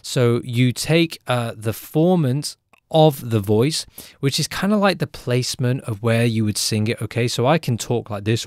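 A music producer with a medium-pitched voice gives a casual, upbeat tutorial, chatting along and often tagging lines with a quick question. The recording is dry and studio quality.

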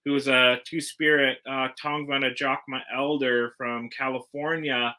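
Man from Canada, curator's talk, very bright tone, mid pitch, measured with fillers. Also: level tone. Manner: earnest, measured, frequent "uh" fillers. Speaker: guest curator.

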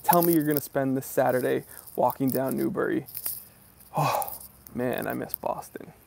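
A man's voice: medium pitch, moderate pace, vocal fry, a little mellow, a little hiss or hum. A man from New England hosting a live stream outdoors outside a library, greeting viewers by name in an upbeat, casual way.

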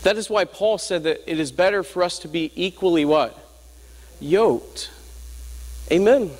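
A man's voice: sits high, a little slow, big-room sound. A man preaching a sermon, telling stories and drawing the congregation in with emphatic call-and-response questions. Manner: storytelling with rhetorical questions.

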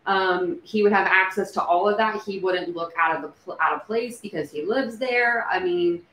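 A woman hosting a casual livestream, thinking out loud with many fillers and restarts. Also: medium pitch, normal speed. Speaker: true crime livestream host. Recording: echoey room with faint background noise.

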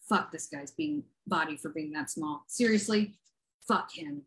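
A woman poet performing her own poem aloud, cooing in baby talk and breaking into low, cursing asides. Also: big pitch swings, unhurried, fairly bright tone. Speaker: guest poet. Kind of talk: performance poetry reading.

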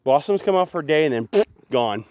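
A man's voice: on the high side, expressive, fairly quick, a little mellow, dry recording. Chatty man touring his garden outdoors. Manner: chatty, keeps addressing viewers as guys. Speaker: gardening vlogger. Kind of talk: casual walk-through vlog.

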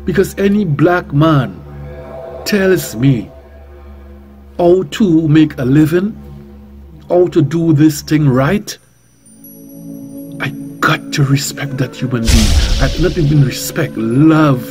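A man with a Trinidadian accent preaching on talk radio in a somewhat high voice. He speaks boldly and emphatically, repeats phrases and asks one rhetorical question after another. Music plays clearly beneath him. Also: slow, long pauses, a little mellow. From Trinidad and Tobago. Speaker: reverend and radio talk host.

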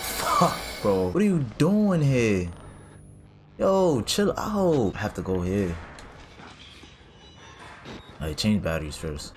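Jumpy male gamer with lively pitch. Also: measured pace, long pauses, background noise. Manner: jumpy, panicked reactions with slang. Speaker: gaming streamer. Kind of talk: let's play commentary. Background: game music.

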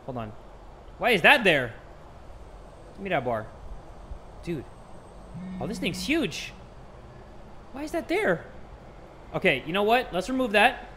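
A man hosting a horror game let's play, joking around and breaking into sudden loud outbursts. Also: high-pitched, slight background noise. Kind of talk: horror gameplay commentary.

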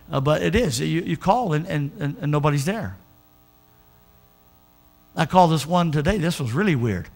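High-voiced gravelly preaching man. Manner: folksy, emphatic preaching with repetitions. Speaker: pastor. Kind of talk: sermon.

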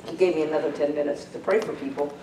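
A woman preaching a sermon in a fervent manner, her storytelling rising into shouted prayer. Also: low voice, steady tone, racing, noisy background. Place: church sanctuary. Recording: roomy church sound from a distance.

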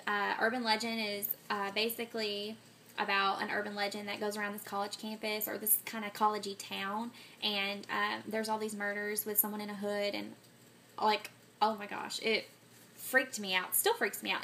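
A woman's voice: on the high side, sharp tone, slight background noise. A woman vlogging casually to camera, scatterbrained and full of ums and self-corrections, getting sick and coughing. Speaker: vlogger answering a movie tag.

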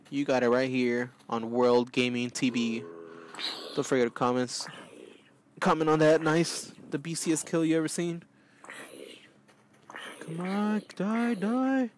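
A man hosting a let's play with goofy, excitable commentary, often yelling out. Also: medium pitch, slight background noise. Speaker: gaming channel host.

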